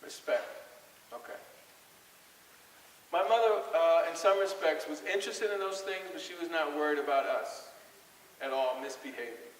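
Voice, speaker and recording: A man's voice: fairly high pitch, moderate pace, pauses often. A middle-aged man from Southern Delaware giving a storytelling talk to a school audience in a conversational way, often putting questions to the crowd. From Southern Delaware, USA. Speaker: guest speaker at a school. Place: large school hall. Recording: far from mic, long hall reverb, faint hiss.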